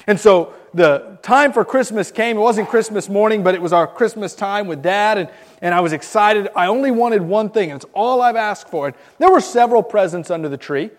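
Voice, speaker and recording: Speaking fairly quickly in a high voice, a Floridian from Miami in his thirties recounts Christmas memories to a group in a large hall. The storytelling is lively, marked by stammers and repeated words.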